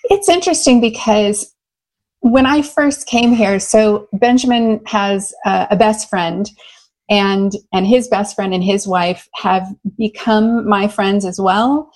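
American woman guest, upbeat animated storyteller, mid pitch, casual interview. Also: slow pace, low-quality recording. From United States. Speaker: love coach guest.

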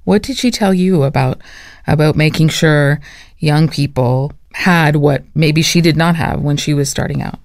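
A news interviewer asking gentle, probing questions. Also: medium pitch, normal speed, no room sound, studio quality.

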